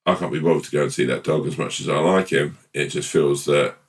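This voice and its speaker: Very deep-voiced man telling a story. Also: steady tone, recorded from a distance. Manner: rambling, playful, halting with restarts. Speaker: podcast co-host. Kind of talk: casual chat and improvised storytelling.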